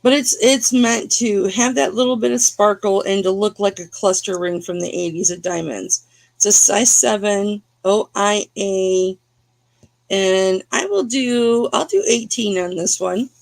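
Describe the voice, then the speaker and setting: A woman hosts a casual live jewelry auction stream, chatting and teasing her viewers as she shows pieces. She speaks slowly with a gravelly edge. The sound is dry and close. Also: medium pitch, no room sound.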